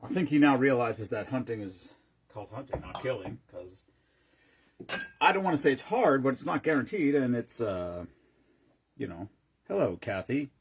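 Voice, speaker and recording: A man's voice: mid-range voice, very animated, normal speed, pauses often. A man casually chatting on a live stream, rambling between stories and greeting viewers by name as he mixes drinks.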